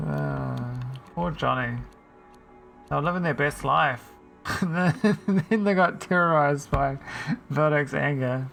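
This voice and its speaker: A man's voice: a little high, takes it slowly, vocal fry, long pauses, fairly bright tone, faint music behind. A man streaming a game, chatting casually and teasing his viewers while he thinks aloud. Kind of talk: casual live-stream chat while playing.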